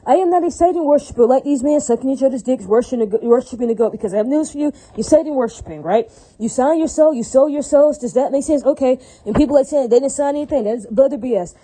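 A woman's voice: high-pitched, warm tone, husky, rough recording. A woman ranting alone in an unscripted monologue, swearing freely and repeatedly asking whether her listeners follow. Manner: profane, repetitive, keeps asking "right?" and "does that make sense?".

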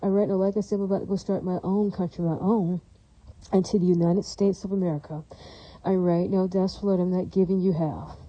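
A woman's voice: fairly low pitch, steady tone, brisk, dark tone, no room sound, low-quality recording. A woman delivering a heated, rambling monologue, repeating herself and circling back to the same verbal tics. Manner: heated and defiant. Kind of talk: ranting monologue.

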